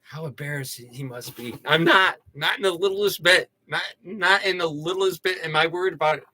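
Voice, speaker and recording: A man hosting a casual livestream, chatting in a loose, rambling way. His voice is bright and slightly high, and he keeps poking fun at himself. Now and then he breaks into excited high yelps and laughter. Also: normal speed. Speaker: livestream host.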